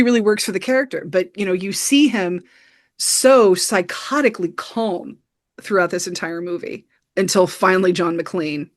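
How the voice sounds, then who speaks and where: A woman co-hosting a podcast, casually recapping a film scene by scene with lots of "you know" fillers. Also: medium pitch. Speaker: podcast co-host. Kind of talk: casual film review chat.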